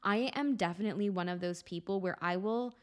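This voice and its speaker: A woman's voice: mid-range voice, fairly quick. A young woman hosting a solo podcast about life purpose, chatting casually and emotionally, close to tears, with lots of "like" and frequent swearing.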